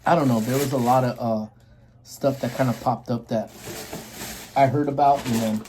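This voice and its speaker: A man's voice: medium pitch, steady tone, moderate pace, darkish tone, a little hiss or hum. A man in his forties hosting a casual live stream, rambling and greeting viewers while eating.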